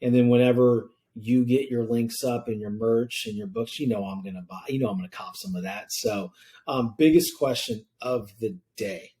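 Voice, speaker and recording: A man's voice: mid-range voice, moderate pace, dark tone. A male podcast host runs a casual interview, with a mid-range voice and plenty of slang. He sounds hyped and enthusiastic as he reacts and closes the show.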